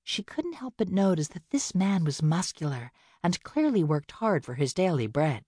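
A woman narrating a novel in a steady, measured storytelling voice. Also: fairly low pitch, husky, no echo, clean studio sound. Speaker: audiobook narrator. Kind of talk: scripted narration.

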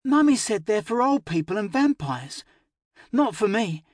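A man voicing a sleepy, sick little girl in an audiobook, pleading and tearful in a high, breaking child's voice. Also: big pitch swings, a little slow, no echo, clean studio sound, exaggerated voice. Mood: sulky. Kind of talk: audiobook narration.

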